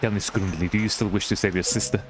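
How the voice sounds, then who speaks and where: A man's voice: lowish voice, steady tone, fast talker, over music, lightly acted, poor audio. A man voicing a wise old talking boat who guides the hero, in a grave, stately way. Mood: solemn. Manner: grave, stately storybook delivery.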